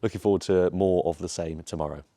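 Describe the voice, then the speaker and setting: A man's voice: low voice, fairly even intonation, quick pace, warm tone, recorded from a distance. A British man hosting a car vlog in casual, opinionated, blokey chat. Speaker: motoring vlogger host. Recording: background noise outdoors.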